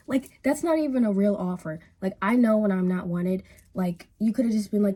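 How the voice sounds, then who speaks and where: Rambling, husky young woman vlogger. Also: medium pitch, moderate pace, few pauses. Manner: rambling, full of "like" and swearing, animated retelling. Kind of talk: casual storytime chat while painting.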